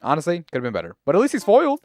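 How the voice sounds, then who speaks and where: Lively, hyped male streamer. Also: fairly high pitch, racing, no echo. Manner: hyped, jokey, swings between loud cheers and mutters. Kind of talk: casual live-stream pack opening.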